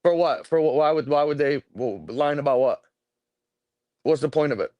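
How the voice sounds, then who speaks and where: A man's voice: on the high side, normal speed, a little mellow, no echo. A man co-hosting a live stream in casual chat, heated and profane, often repeating himself.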